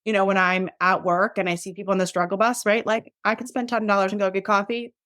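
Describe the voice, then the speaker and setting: A woman's voice: medium pitch, quick pace, dry recording, clean studio sound. A middle-aged woman in a casual interview, talking candidly and animatedly and often acting out what people say. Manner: candid, animated, acts out quoted dialogue. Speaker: nurse practitioner guest.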